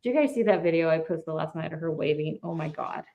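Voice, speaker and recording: A woman's voice: sits low, quick pace, dark tone, rough recording. An older woman, a shop owner and grandmother, chatting casually on a livestream and slipping into sing-song baby talk with her grandkids. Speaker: furniture painting shop owner.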